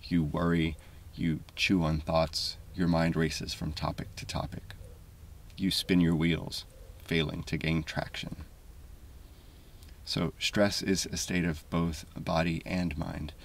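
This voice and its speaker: This scripted voice-over comes from a video essay narrator, a man whose voice is very low and rough. He reads calmly and evenly with measured deliberation, keeping a flat, husky tone, a little removed from the mic.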